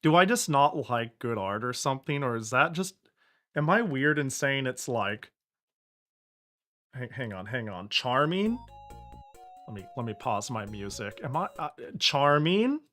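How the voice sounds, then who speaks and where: A man streaming, reacting in casual commentary, excitable and ranting, laughing and exclaiming at what he sees. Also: medium pitch, unhurried, faint music behind.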